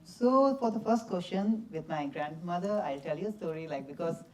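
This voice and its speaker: A man's voice: high voice, moderate pace, slight background noise. Young man telling stories off-mic. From India. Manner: lively storyteller, laughs often, simple broken English. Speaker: film subject answering audience questions. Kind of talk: post-screening Q&A answers. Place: cinema or festival hall. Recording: distant from the mic.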